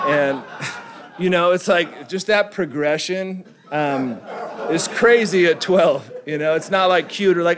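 A man's voice: fairly high pitch, moderate pace, a crowd in the background. A young man from California sharing his recovery story with a group, in laid-back slangy talk full of "like" and chuckles. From California, United States. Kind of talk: personal testimony to a group.

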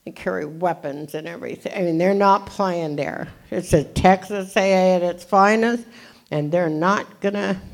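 A woman in her seventies from California gives an animated, jokey, self-deprecating storytelling talk as a recovery meeting speaker. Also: medium pitch. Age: 70s.

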